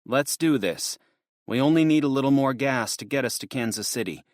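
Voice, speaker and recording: An urgent young man on a desperate road trip in an audiobook, earnest and pleading, as a male narrator performs him. The voice sits noticeably higher than the narration. The sound is dry and close. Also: animated, normal speed, no echo, natural voice.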